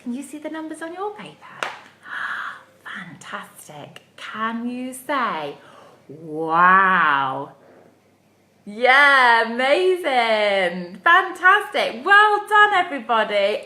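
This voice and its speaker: Her high voice pushed and bright, a children's activity leader runs an interactive craft playalong for little kids, livestreamed from a room at home. She speaks in an encouraging sing-song, with reverberation around her.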